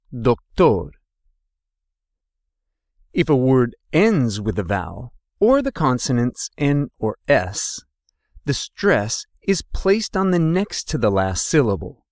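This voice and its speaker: A man narrating a scripted language lesson, slowly and deliberately sounding out each example word. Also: mid-range voice, a little mellow, no echo, studio quality. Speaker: language teacher.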